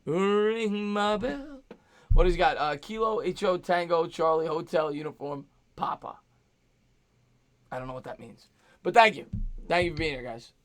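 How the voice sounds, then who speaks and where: A hoarse man hosting a live sports stream, calling plays and thanking chat donors. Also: on the high side, normal speed, long pauses. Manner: upbeat, reads out super chats and calls plays. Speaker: host. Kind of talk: live play-by-play stream with chat shout-outs.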